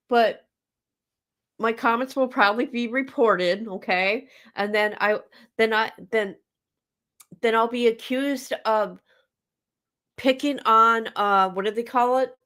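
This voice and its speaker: An older woman hosts a casual livestream in a slightly high voice with a sharp tone. She talks bluntly and sounds exasperated, stammering at times and breaking into laughter.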